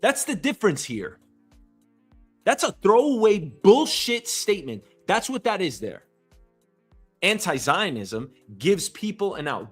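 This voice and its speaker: A man's voice: high-pitched, sing-song, unhurried, long pauses, fairly bright tone, faint music behind. A man hosting his own show from home, delivering an angry, profane, emphatic rant. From New York City. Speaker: host. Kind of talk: ranting commentary.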